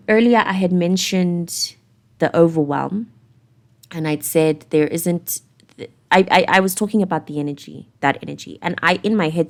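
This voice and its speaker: Rambling South African woman reading tarot. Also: low-pitched. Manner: rambling, candid, swears casually. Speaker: tarot reader.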